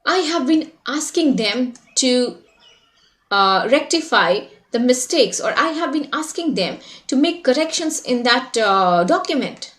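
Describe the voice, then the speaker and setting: A woman teacher with an Indian English accent runs a live vocabulary lesson online. Her voice is high. She calls students by name and drops into fast Hindi to explain words. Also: expressive, a bit bright.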